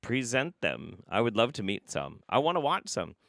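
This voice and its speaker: A man's voice: mid-range voice, big pitch swings, normal speed, gravelly, fairly bright tone, dry recording, studio quality. A man hosting a live stream, reacting to videos with sarcastic, rambling, profane commentary. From United States.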